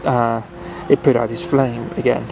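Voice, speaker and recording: A man reading a bedtime story aloud at an unhurried, halting pace, often restarting his phrases. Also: mid-range voice, little pitch movement, vocal fry, over music, low-quality recording.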